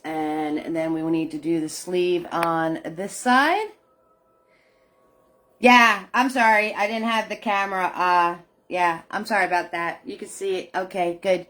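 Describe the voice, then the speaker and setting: Middle-aged woman, unhurried and chatty; live painting host who laughs easily and greets her viewers. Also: on the low side, fairly even intonation, fairly bright tone. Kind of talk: casual live painting instruction.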